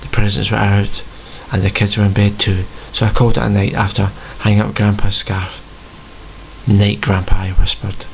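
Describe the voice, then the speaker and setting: A man reading his own first-person story aloud in a plain, measured way. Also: fairly low pitch, level tone, gravelly, slight background noise, poor audio.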